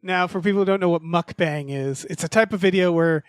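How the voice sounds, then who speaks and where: A man's voice: high voice, a little fast, smooth, no echo, studio quality. A man co-hosting a podcast in casual chat, rambling with many fillers and restarts. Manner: rambling, hesitant, full of fillers. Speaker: podcast co-host.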